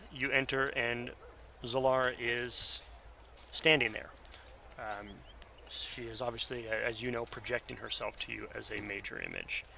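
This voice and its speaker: A man narrating as game master for a tabletop game, halting with many ums and self-corrections. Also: medium pitch, creaky, pushed and bright, a little hiss or hum.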